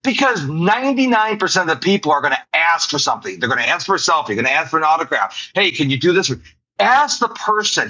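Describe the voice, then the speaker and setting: High, lively-voiced podcast host man. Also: fast, dull audio. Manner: earnest, preachy about serving others. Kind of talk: casual interview chat.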